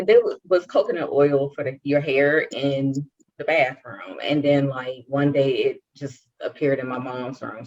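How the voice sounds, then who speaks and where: A young adult woman co-hosting a podcast, telling a personal story and acting out the dialogue with animation. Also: sits low. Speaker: podcast co-host. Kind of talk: casual chat, personal story. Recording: dull lo-fi sound.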